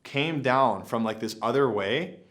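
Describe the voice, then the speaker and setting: A man's voice: medium pitch, animated, unhurried, fairly bright tone. A young man casually recounting a personal story, rambling with many fillers and restarts. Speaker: vlogger.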